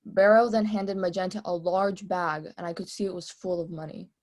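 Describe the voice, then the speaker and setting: A woman's voice: lowish voice, fairly even intonation, normal speed, a little mellow, natural voice. A woman playing a brash young female bank robber, testifying in a casual, streetwise, offhand way over a video call in a mock trial.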